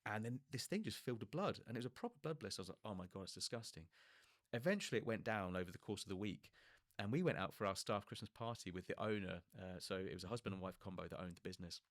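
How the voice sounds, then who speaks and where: A young man with a lowish voice rattles through his work mishaps at high speed, mocking himself and swearing freely. He acts out the people in his stories with sudden jumps in pitch. His voice is close to the mic in a dry, deadened room. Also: animated, fast talker, no room sound. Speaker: podcast guest telling stories. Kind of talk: casual comic storytelling.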